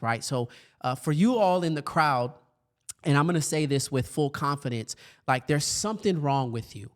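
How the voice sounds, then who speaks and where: A man hosting a podcast, giving a conversational motivational talk to educators with lots of fillers and lively asides. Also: mid-range voice, normal speed. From grew up in foster care. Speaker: podcast host and speaker for educators.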